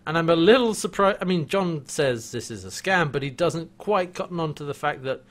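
A man's voice: a little high, expressive, moderate pace. A man co-hosting a podcast, casually recapping a TV episode with frequent laughs. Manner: jokey, laughs often, retells scenes. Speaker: podcast co-host.

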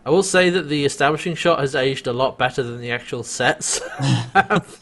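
Casting: male podcast co-host, casual and animated, laughs a lot as he recaps. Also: medium pitch, moderate pace. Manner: animated, laughs often, acts out quoted lines.

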